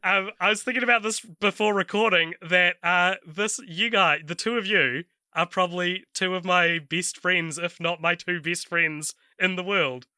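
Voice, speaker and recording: A man's voice: high-pitched, fairly even intonation, normal speed, few pauses, pushed and bright, clean tone, no echo, studio quality. A man hosting a podcast in casual chat, talkative, laughing often and trailing off with fillers. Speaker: podcast host.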